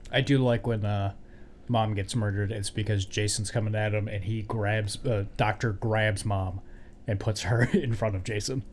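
A man's voice: fairly low pitch, fairly even intonation, moderate pace, a little hiss or hum. A man co-hosting a casual podcast chat, wry and joking, swearing casually. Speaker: podcast co-host.

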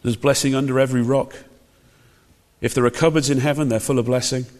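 A man's voice: medium pitch, fairly even intonation, fairly quick, darkish tone. A man preaching a sermon, emphatic and conversational, with frequent rhetorical questions. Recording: long hall reverb.

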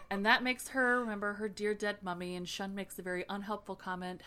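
A young woman hosting a casual book recap, sarcastic, profane and animated. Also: mid-range voice, a little fast, hardly any pauses. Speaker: podcast host.

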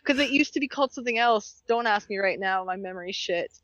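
A woman's voice: medium pitch, fast, a bit bright, dry recording, muffled recording. A Canadian woman co-hosting a podcast, chatting casually, laughing often and swearing freely. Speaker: podcast co-host. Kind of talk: casual chat.

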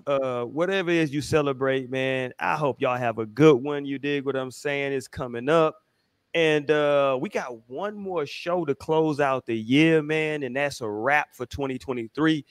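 A man's voice: medium pitch, moderate pace, smooth, dry recording, studio quality. A man from Houston hosting a podcast, talking in a laid-back, heartfelt way with lots of fillers. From Houston, Texas. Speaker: podcast host. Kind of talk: casual podcast chat.

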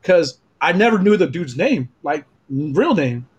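A man with a notably high voice spins a rowdy anecdote on a podcast. He swears freely, slips into Spanish, and acts out the scene as he goes. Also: measured pace, slightly rough, highs cut off. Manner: animated storyteller, profane, mixes Spanish. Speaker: photographer and podcast guest. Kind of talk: casual podcast storytelling.

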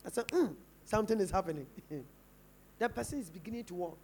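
A man's voice: high-pitched, animated, fast talker, a little mellow, slight background noise. A man with a Ghanaian English accent preaching a sermon in church, firing rhetorical questions at the congregation. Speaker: pastor.

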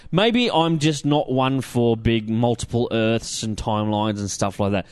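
A man's voice: medium pitch, unhurried, darkish tone, clear, resonant tone, no room sound, studio quality. Blunt Australian man reviewing comics. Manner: blunt, swears freely, rambling with many ums. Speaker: comic book podcast host. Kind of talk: casual comic review chat.

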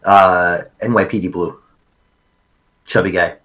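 A man co-hosting a livestream, laid-back and halting, with many fillers. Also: sits low, steady tone, a bit bright, low-quality recording. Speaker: livestream co-host. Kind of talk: casual crude banter.

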